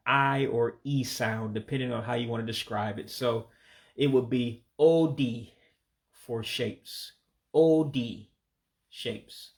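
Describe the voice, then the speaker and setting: A man who speaks English as his first language gives a casual vocabulary lesson, repeating each word slowly and pronouncing it carefully. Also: medium pitch, gravelly, a bit bright. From United States. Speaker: language learner teaching vocabulary.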